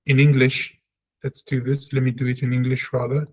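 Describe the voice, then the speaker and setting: A man giving a spoken language lesson, talking earnestly and reflectively, and repeating sounds slowly to show how they are said. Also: medium pitch, level tone, husky. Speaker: Hebrew teacher.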